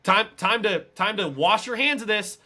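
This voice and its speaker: A man co-hosting a casual sports podcast, talking emphatically and building to excited peaks. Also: high voice, normal speed, a crowd in the background. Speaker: podcast co-host.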